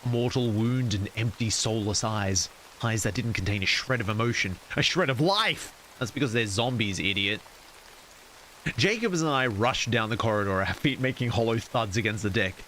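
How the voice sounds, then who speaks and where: A man's voice: fairly low pitch, moderate pace, sharp tone, slight background noise, low-quality recording. A man streaming, casually reading a horror story aloud and cracking jokes to chat. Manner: casual, wisecracking asides to chat.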